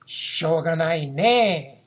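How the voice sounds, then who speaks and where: A man's voice: a little high, animated, normal speed. A man, teaching phrases in a casual lesson, repeating words and acting out example lines. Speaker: Japanese teacher.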